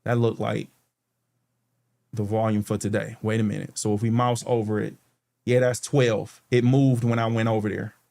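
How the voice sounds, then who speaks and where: A man's voice: fairly low pitch, little pitch movement, moderate pace, creaky, a little mellow. Chatty man walking through stock charts. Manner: chatty, addresses viewers as guys, checks in with okay. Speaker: stock market channel host. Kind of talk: screen-share tutorial walkthrough.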